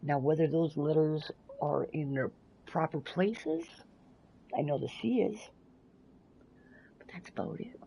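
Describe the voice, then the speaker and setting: A Canadian woman streaming a game live, chatting casually, swearing freely and breaking into loud playful outbursts. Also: low-pitched, expressive, unhurried, gravelly, pauses often, muffled recording, slight background noise. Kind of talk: casual live-stream chat while gaming.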